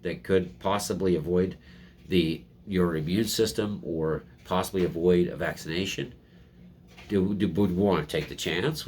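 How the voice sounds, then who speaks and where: A man's voice: low-pitched, a little hiss or hum. A man hosting a casual political commentary, reading headlines and ranting sarcastically from home, with frequent restarts. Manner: sarcastic, rambling, mocking voices in quotes.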